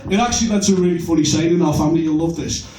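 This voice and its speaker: High-voiced comic on a club stage. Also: male voice, racing. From Birkenhead, England. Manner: deadpan, crude self-mocking delivery. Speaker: stand-up comedian. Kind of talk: stand-up comedy set. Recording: echoey club, recorded from far off.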